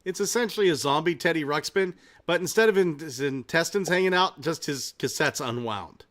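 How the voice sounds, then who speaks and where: A man hosting a casual comedic podcast, telling rambling, excitable stories and swearing freely. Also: on the high side, a little fast. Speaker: podcast host.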